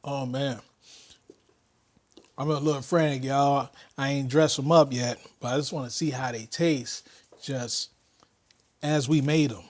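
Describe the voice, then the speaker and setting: A man, chatting excitedly to viewers while barbecuing wings outdoors in the cold. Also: medium pitch, measured pace, pauses often, dry recording. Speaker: home barbecue cook. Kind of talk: casual cooking vlog. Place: outdoors by a smoker in winter.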